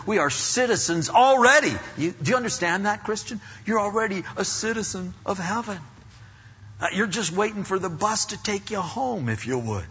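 A man's voice: sits high, a bit bright, husky, in a large hall, muffled recording. A man preaching a sermon in a folksy, conversational way, full of fillers and restarts. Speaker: pastor.

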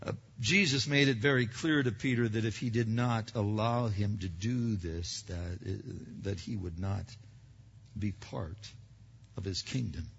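A man preaching a sermon, swinging between loud emphatic lines and hushed asides. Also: lowish voice, a little slow, creaky, slightly rough. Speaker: pastor. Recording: dull echoey hall recording.

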